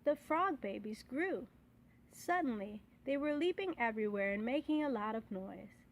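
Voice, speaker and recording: A woman reading children's bedtime stories aloud in a clear, expressive way. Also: fairly high pitch, normal speed, a little hiss or hum. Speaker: storyteller.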